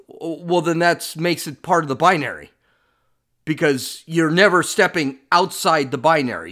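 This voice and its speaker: A man's voice: a little high, a bit bright. A middle-aged man hosting a podcast, giving blunt, sarcastic commentary on clips he plays and repeating himself as he argues. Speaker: podcast host. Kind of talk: opinionated commentary on played clips.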